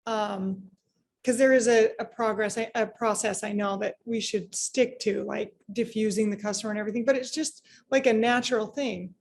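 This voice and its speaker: A woman business owner talks through workplace stories in a casual interview. Her voice sits a bit high and turns animated as she acts out what colleagues said. A faint hiss of background noise runs under her. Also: moderate pace. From United States. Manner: animated, acts out quoted remarks, frequent restarts.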